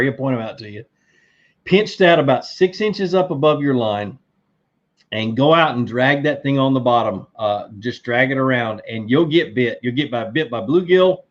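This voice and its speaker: A man's voice: mid-range voice, normal speed, dull audio. A middle-aged man hosting a live fishing stream, chatting casually and answering viewer questions with many fillers and restarts. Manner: rambling, relaxed, lots of fillers and restarts. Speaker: fishing livestream host.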